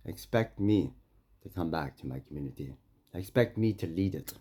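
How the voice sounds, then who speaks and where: A man from Saskatchewan, Canada, speaking directly to a mayor and making demands, with confrontational stories that swing between loud and quiet. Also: deep voice. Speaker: First Nation community member addressing a mayor. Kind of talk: impassioned direct address and storytelling.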